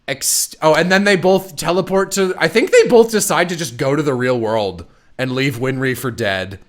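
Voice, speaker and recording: Speaking at a moderate pace in a slightly high voice, this streamer rambles through a plot summary. The tone is casual and sarcastic, and he swears now and then.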